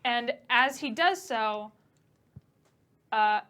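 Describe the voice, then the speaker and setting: Casting: young woman game master, slightly high voice, casual and chatty. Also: animated, extremely slow, fairly bright tone. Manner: chatty, casual, many fillers. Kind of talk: narrating a tabletop game.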